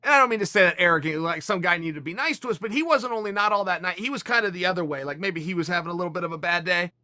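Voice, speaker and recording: A man in his forties from Oregon telling a long story in casual, animated style, often restarting his sentences. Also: sits high, very fast, no echo, studio quality. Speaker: podcast host.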